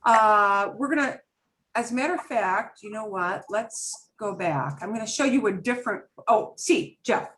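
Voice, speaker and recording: A woman's voice: mid-range voice, normal speed, fairly bright tone. A woman teaching a beginners' Spanish class over a video call, explaining patiently and repeating phrases.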